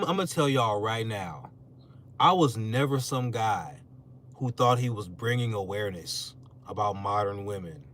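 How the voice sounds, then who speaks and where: Animated young man ranting on a podcast. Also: medium pitch, a little hiss or hum. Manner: animated, emphatic, slangy, mocking quoted voices. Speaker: content creator on a podcast. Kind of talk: casual talk-show rant.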